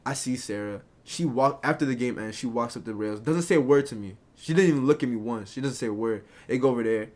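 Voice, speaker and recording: A young man recounts a story to his viewers in a loose, rambling way. His voice sits at an ordinary middle pitch, and he keeps tossing in "like" and "right?" as he goes. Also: quick pace, hardly any pauses, a little mellow. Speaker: storyteller streamer. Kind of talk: casual storytelling to a live chat.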